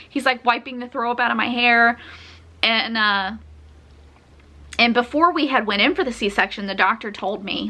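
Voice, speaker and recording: A young woman vlogger tells her birth story in a casual, chatty way, laughing often and using lots of fillers. Her voice is a little high and sharp-toned, at a moderate pace.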